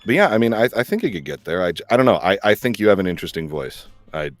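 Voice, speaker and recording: A man's voice: lowish voice, very animated, very fast, no room sound, soft background music. A man chatting casually on a stream, giving rambling explanations full of fillers. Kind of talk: casual chat.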